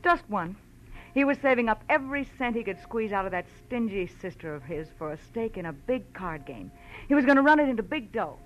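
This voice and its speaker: A woman as a sarcastic, lively dame. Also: mid-range voice, a little fast, dull audio, natural voice. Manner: sarcastic, flippant. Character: sharp-tongued young woman, mocking, evasive. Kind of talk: 1940s radio acting.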